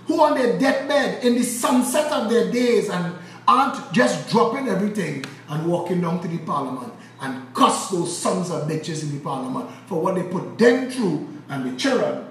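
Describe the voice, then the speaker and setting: A man with a Trinidadian accent delivering an impassioned, cursing political rant, swinging between loud outbursts and low, intense passages. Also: lively intonation, moderate pace, heavy reverb, recorded from a distance, low-quality recording. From Trinidad and Tobago. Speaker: political commentator.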